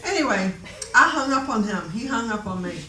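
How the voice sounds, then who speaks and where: A woman telling a story from her own life in a casual, animated way, often laughing and acting out the voices of the people in it. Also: on the high side, a little fast, a little hiss or hum. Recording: echoey room, voice a bit distant.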